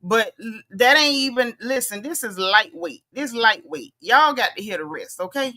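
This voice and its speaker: Bright-voiced woman host, sassy and chatty. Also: a little high, normal speed. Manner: animated, sassy, talks straight to viewers. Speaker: host reacting to clips. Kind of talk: casual reaction commentary.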